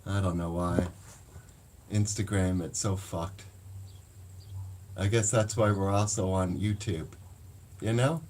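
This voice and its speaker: Casual male streamer, lowish voice, rambling and foul-mouthed. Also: takes it slowly, long pauses, a little mellow, a little hiss or hum. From Canada. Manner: profane, rambling, blunt. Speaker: livestream host. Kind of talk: casual livestream chat.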